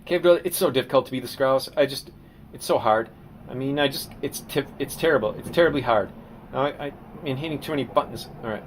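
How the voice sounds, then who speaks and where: A man, a painter, rambling on a live stream and reading his artist statement aloud, swinging from muttering to loud theatrical outbursts. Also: mid-range voice, quick pace, background noise.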